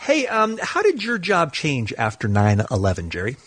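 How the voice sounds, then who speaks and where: A male radio host puts probing questions to his guest with a wry edge. His voice is husky, and the sound is dry and close. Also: mid-range voice, wildly swooping pitch, normal speed, a bit bright, dry recording.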